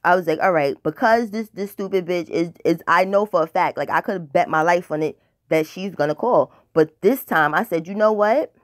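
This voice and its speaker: A woman's voice: on the low side, normal speed, no room sound, studio quality. A woman telling a casual personal story in a blunt, profane, dramatic way, rambling with filler words. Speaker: storytime vlogger.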